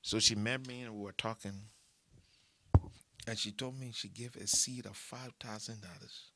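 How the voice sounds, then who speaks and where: A man's voice: fairly low pitch, fairly even intonation, moderate pace, bright, forceful tone, slight background noise. A man, preaching a sermon, telling stories and asking for money with humor, repeating short phrases for emphasis. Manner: storytelling preacher who mixes humor with appeals for money. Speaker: pastor.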